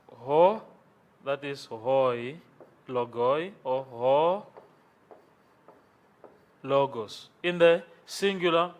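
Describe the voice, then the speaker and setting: A man lectures at a board in a classroom, slightly stuffy from sinus trouble. His voice sits a little high for a man and he speaks slowly and deliberately. He repeats each form patiently and keeps checking that the class is following. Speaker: Greek language teacher.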